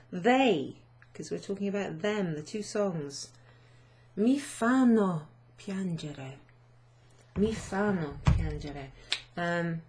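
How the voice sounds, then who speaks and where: A woman's voice: medium pitch, gravelly, darkish tone. A woman teaching a chatty, self-deprecating online language lesson, often asking learners questions.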